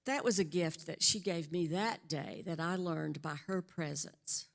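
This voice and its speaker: An older woman, telling an unhurried story in church. Her voice is low-pitched and gravelly, picked up on a handheld mic. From Western North Carolina. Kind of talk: personal story at a church service. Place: church sanctuary.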